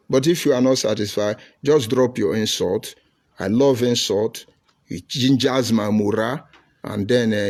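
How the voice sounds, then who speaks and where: A middle-aged Nigerian-accented man with a mid-range voice delivers combative live-stream commentary. He reads viewer comments aloud and answers them with rhetorical questions and insults.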